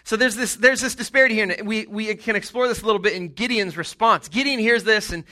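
A man preaches in a relaxed, conversational way, telling the story with jokes and quick asides. His voice sits high and sounds bright and forward. He acts out the characters as he goes. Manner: animated, jokey storytelling with acted-out voices. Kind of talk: casual sermon.

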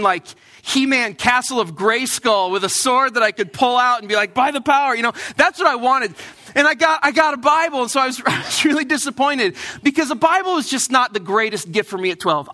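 A man preaching a sermon in church, telling a lively personal story and acting out the voices of the people in it. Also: very high voice. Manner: animated storytelling, acts out quoted voices. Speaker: pastor.

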